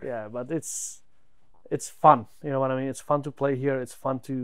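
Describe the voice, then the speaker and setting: A man's voice: mid-range voice, steady tone, moderate pace, smooth, no echo. A man, a hockey player guest, talking in an easygoing, rambling way. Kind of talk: casual chat.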